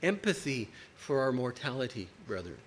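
A man preaching a sermon to a congregation, emphatic, with dramatic pauses. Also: mid-range voice, sing-song, a little hiss or hum.

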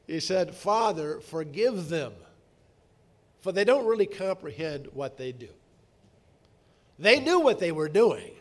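A middle-aged man delivering a sermon in a somewhat high voice. He speaks earnestly, drawing out key words slowly and then swelling into emphatic, louder passages. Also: sing-song. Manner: earnest, rising to emphatic peaks, slowing to stress words. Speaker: preacher.

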